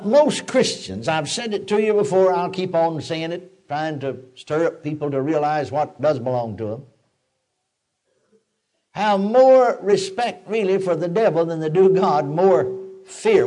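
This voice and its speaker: An older man delivers a sermon, swinging between homey anecdotes and ringing declarations. His voice sits a little high for a man. He speaks as a practiced preacher addressing a congregation. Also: warm tone. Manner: folksy storytelling preaching, rising to emphatic declarations.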